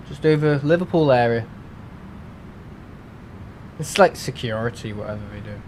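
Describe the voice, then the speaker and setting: A man live-streaming from home, excitable and quick to laugh and exclaim as he chats. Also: mid-range voice, a little hiss or hum.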